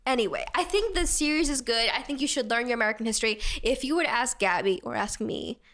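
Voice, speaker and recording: A woman's voice: a little high, fast, fairly bright tone. A young woman co-hosting a podcast in casual chat, talking loosely with many fillers and laughs. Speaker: podcast co-host.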